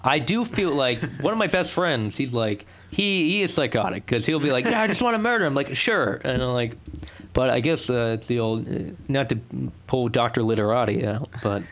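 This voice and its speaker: A man's voice: medium pitch, lively intonation, moderate pace, fairly bright tone. A young man with a Boston accent co-hosting a podcast in casual banter, rambling with lots of fillers and restarts. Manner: rambling, many fillers and restarts, laughs often. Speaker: podcast co-host.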